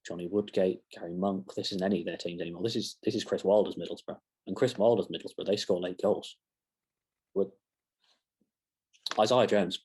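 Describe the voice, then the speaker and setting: Brief: deep, husky young male fan vlogger, chatty and self-deprecating, meanders off topic. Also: a little mellow. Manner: rambling, self-mocking asides. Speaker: fan channel presenter. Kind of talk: casual football match reaction.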